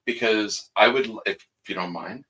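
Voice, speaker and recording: A man in his fifties co-hosting a casual interview, enthusiastic and quick to laugh. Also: fairly low pitch, pushed and bright, soft background music, rough recording. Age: 50s. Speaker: co-host.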